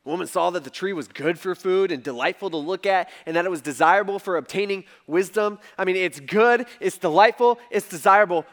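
A male pastor preaching a conversational sermon, animated and swinging between soft and loud. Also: high-pitched, fairly quick, hardly any pauses.

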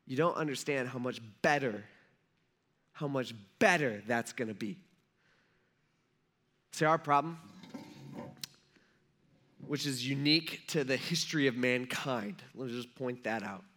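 A man preaching a sermon in a conversational way, acting out quotes with lively shifts. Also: mid-range voice, unhurried, long pauses. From United States. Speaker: pastor.

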